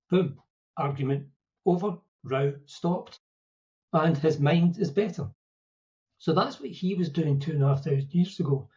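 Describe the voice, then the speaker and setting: A Scottish man appears as a podcast guest, explaining Buddhist ideas in casual, storytelling style full of quips and asides. His voice is fairly high and mellow, his pace moderate, and the audio sounds dull.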